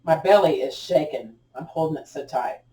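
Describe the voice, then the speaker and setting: A woman leading a gentle yoga class, giving upbeat, cheering cues with chatty asides, her voice a little cracked as she clears her throat. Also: sits low, normal speed. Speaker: yoga instructor. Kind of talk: guided yoga class instruction. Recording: echoey room, distant mic.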